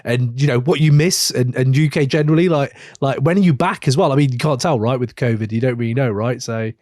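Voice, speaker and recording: A man's voice: mid-range voice, brisk, a little mellow, no echo, studio quality. An English man hosting a music podcast, chatting in a friendly, upbeat way and often repeating himself. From England. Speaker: podcast host. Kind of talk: casual interview chat.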